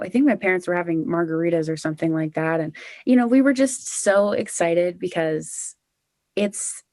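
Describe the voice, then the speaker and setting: A woman's voice: fairly low pitch, darkish tone, no echo, clean studio sound. A young woman, a country singer-songwriter, chatting bubbly and casually in an interview, full of "like" and "you know".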